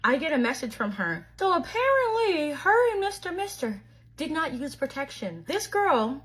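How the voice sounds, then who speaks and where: A high-pitched young woman spilling a story to her viewers, quick with slang and full of gossipy energy. She talks casually, like she is catching up with a close friend. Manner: slangy, gossipy, animated retelling. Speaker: storytime vlogger.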